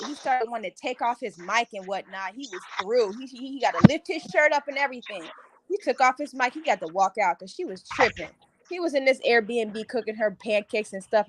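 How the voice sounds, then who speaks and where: A woman's voice: fairly high pitch, a little hiss or hum. A woman co-hosting a casual review chat, talking bluntly and animatedly, swearing and laughing. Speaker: co-host.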